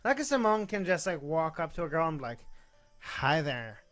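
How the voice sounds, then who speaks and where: A man's voice: fairly high pitch, big pitch swings, quick pace, a bit bright, dry recording, faint music behind. Young male gaming host, reads the game aloud, goes off on self-mocking rambling tangents. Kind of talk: reading a visual novel aloud with commentary.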